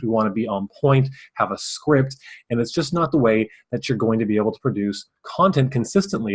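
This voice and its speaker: A man hosting his own video channel, giving fast, casual advice straight to camera and sometimes mumbling his words. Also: lowish voice, slightly rough, poor audio. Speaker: host.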